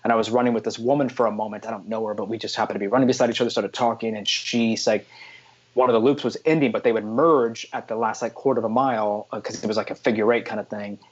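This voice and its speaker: Husky man telling stories energetically. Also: lowish voice, quick pace, dull audio. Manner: energetic storytelling with frequent "freaking" and "man". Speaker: guest photographer. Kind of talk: casual podcast interview.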